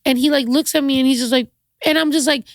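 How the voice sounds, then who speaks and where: A woman's voice: sits high, fairly even intonation, quick pace, dry recording, studio quality. A woman from Mexico, a podcast guest, talking casually and sympathetically with many fillers. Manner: sympathetic, warm reactions, lots of fillers. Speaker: guest, musician. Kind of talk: casual chat.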